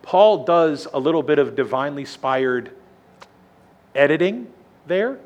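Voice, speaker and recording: A man preaching a sermon, retelling scripture with lively, emphatic storytelling. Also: fairly high pitch, unhurried, lo-fi sound.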